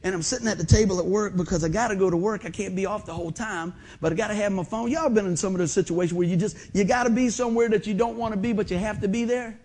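Middle-aged man pastor, folksy and animated, raspy high-pitched delivery. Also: fast talker, hardly any pauses. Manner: animated, folksy, asks the congregation questions. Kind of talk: sermon. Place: church sanctuary.

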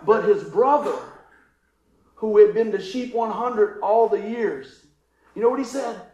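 A pastor preaches in a storytelling sermon, his voice sitting very high for a man. He chuckles often and slips into the voices of the people in his story. The sound rings around an echoey room. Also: unhurried. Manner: chuckling, animated storyteller acting out the people he quotes.

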